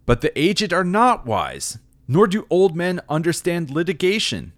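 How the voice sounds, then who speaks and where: A man voicing an arrogant young male blowhard who declaims loudly and pompously. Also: fairly high pitch, very animated, a little slow, dry recording, pitched above the performer's own voice.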